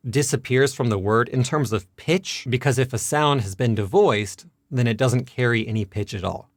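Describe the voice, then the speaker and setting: A man teaching pronunciation in a patient explanatory lesson, slowing down to demonstrate words. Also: medium pitch, creaky, no echo, studio quality. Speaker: language teacher.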